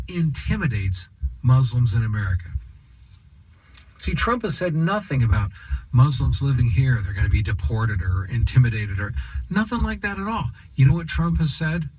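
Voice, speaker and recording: A man's voice: medium pitch, darkish tone, slightly rough, poor audio. A man giving an opinion monologue as a political commentator, sarcastic and emphatic, firing off rhetorical questions.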